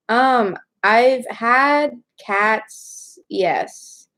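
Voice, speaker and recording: A woman's voice: on the low side, fairly even intonation, brisk. A young woman in her twenties chatting casually with livestream viewers, rambling through stories full of "like". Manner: rambling, chatty storytelling with many "like"s. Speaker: writer hosting a livestream.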